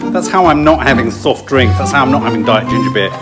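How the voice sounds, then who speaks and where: A man's voice: mid-range voice, fast, over loud music. A middle-aged man filming himself cooking at home, chatting playfully to himself and getting flustered. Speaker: husband filming a family vlog. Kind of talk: casual chat and self-narrated cooking.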